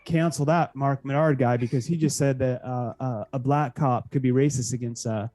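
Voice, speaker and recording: A man co-hosting a casual podcast, agreeable and halting, with frequent restarts and dry jokes. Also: mid-range voice, steady tone, warm tone, soft background music, low-quality recording. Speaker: co-host.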